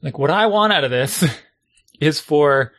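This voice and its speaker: A middle-aged man who coaches a youth team, talking in a rambling, animated way and acting out what other people say to him. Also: a little high, measured pace. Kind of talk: casual conversation.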